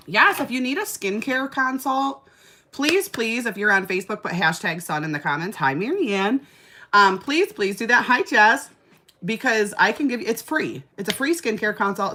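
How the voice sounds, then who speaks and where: Bright-voiced chatty woman selling skincare live. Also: medium pitch, a little hiss or hum. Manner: chatty, gushing, fillers like "like" and "oh my gosh". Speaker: live-stream skincare seller. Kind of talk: casual live-stream chat reading comments.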